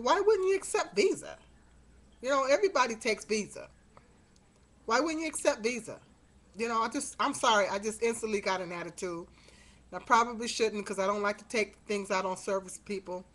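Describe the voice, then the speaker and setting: Through a webcam mic, a middle-aged vlogger with a medium-pitched, slightly bright voice delivers a casual monologue. She meanders through her story, exasperated and using lots of fillers.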